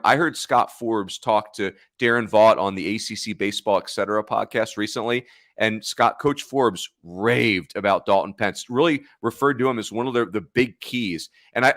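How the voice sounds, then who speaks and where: A man's voice: on the low side, a bit bright, dry recording, clean studio sound. A man co-hosting a sports podcast in casual chat, talking in a chatty way, correcting himself and laughing easily. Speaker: podcast co-host.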